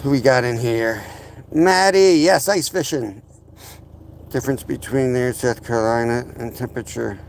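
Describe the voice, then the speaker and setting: Husky-voiced man streaming from a lake. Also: mid-range voice, moderate pace, slight background noise. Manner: easygoing, explains gear as he sets up. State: losing his voice. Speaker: fishing channel host. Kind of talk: casual live-stream chat. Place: outdoors at a lake in fog.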